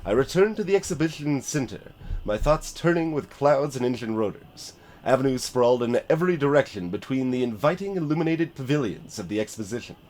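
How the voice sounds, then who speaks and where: A man's voice: medium pitch, lively intonation, fairly quick, a little mellow. A man streaming a story game, reading its narration aloud and chatting in a self-deprecating way.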